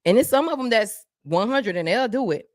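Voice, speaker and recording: Animated woman host, preacher-like calls. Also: on the high side, brisk, no room sound, clean studio sound. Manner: animated, preacher-like call and response. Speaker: podcast host. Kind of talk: live-stream chat with viewers.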